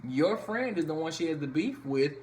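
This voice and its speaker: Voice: medium pitch, expressive, normal speed, a little mellow. A reviewer recapping a reality TV episode in loose, profane, chatty slang with lots of fillers. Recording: echoey room with faint background noise.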